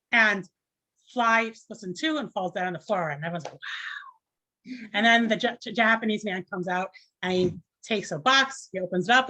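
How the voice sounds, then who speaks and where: A woman's voice: medium pitch, a bit bright. A woman teaching an informal class, chatty and conversational, with many fillers and restarts.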